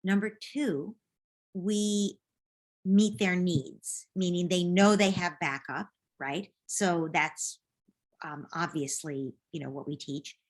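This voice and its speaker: A woman with a slightly low voice, advising parents in a live online session. She talks gently and reassuringly, as a coach walking someone through a problem. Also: steady tone, takes it slowly.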